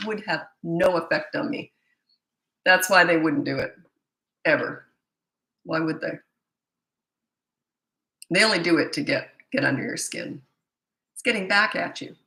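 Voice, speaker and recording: A woman's voice: lowish voice, a bit bright, reverberant, rough recording. A woman in her fifties, a parenting coach, answering viewer questions in a chatty, blunt way, with stammered restarts. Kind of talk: live Q&A answering viewer comments.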